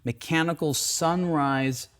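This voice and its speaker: A man hosting an easygoing conversation as a watch editor. He talks with enthusiasm, thinking aloud and filling pauses with ums and you-knows. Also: on the high side, a bit bright. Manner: thoughtful, enthusiastic, with fillers. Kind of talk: casual conversation.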